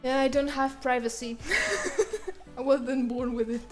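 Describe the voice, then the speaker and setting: A young French woman with a French accent, chatting casually on her art live stream, bubbly and quick to laugh. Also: level tone, a little mellow, soft background music. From France. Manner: bubbly, laughs often, slips into squeaky bursts.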